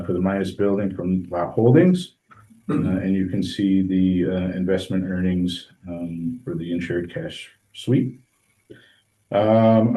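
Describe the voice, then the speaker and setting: A man chairing a board meeting, reading the budget report with many pauses and ums. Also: low-pitched, dark tone, rough recording. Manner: halting, many ums and uhs. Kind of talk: meeting business.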